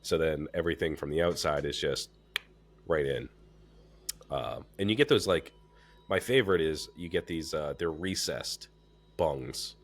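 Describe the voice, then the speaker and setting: A man hosting a podcast in casual chat, congested and stuffed up, talking in a relaxed way with lots of fillers and swearing. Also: rumbling low, unhurried, pauses often. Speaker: podcast host.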